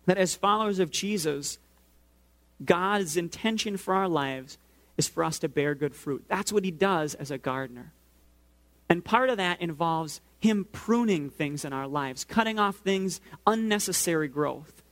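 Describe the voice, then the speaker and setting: Pastor guy in his 30s giving a chatty sermon, fairly high voice, tells stories. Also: unhurried. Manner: conversational, storytelling, talks to the audience directly.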